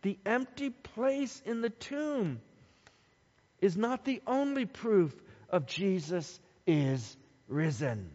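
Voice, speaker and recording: A man preaching a sermon, dramatic and emphatic, dropping to hushed tones at times. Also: sits high, lively intonation, takes it slowly. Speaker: pastor. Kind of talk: Easter sermon. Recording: dull sound with long hall reverb.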